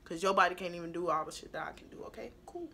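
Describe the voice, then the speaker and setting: A young woman telling a casual storytime, animated and blunt with plenty of swearing, dropping into low asides and rising into loud outbursts. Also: rapid-fire, gravelly, a little hiss or hum. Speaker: beauty vlogger telling a story.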